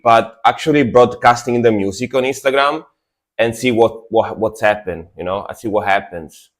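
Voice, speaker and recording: A man talks casually to his stream viewers in a somewhat low voice. He sounds sleepy, as if he just woke up, and rambles along, repeating words with plenty of fillers. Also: moderate pace. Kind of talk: casual livestream chat.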